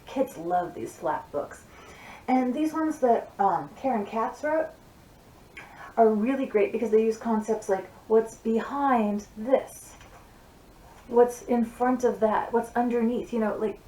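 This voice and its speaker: A young woman talks casually to the camera about raising her child, and her stories come out chatty and animated. The room is echoey and the mic sits some distance from her, with faint room noise behind her voice. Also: mid-range voice. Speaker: parenting vlogger. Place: home office.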